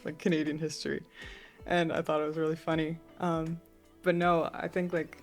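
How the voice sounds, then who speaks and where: A young woman artist, a podcast guest, telling stories in a chatty, relaxed way with many fillers. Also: deep voice, normal speed, soft background music. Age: young adult. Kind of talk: casual interview storytelling.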